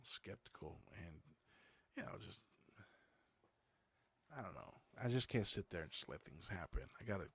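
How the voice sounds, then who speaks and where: Host, male, low and husky, loose rambling livestream chat, dry close sound. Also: animated, normal speed, long pauses, fairly bright tone. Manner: rambling, conversational, many fillers. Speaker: podcast host. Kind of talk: casual livestream chat, reading viewer comments.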